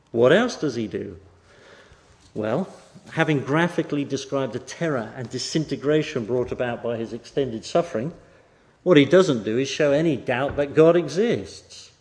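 A man preaching an expository sermon, emphatic, pushing stressed words up and letting phrase endings fall soft. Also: a little high.

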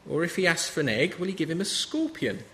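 A man's voice: a little high, huge pitch swings, fast, sharp tone, a little hiss or hum. Man preaching in an echoey hall. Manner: conversational, anecdotal preaching. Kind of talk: sermon. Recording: reverberant hall with faint ambience.

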